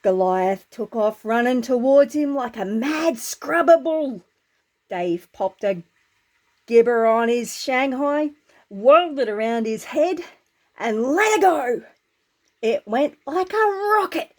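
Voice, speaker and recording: A woman with an Australian accent reading a humorous story aloud, animated and full of slang. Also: high-pitched, takes it slowly.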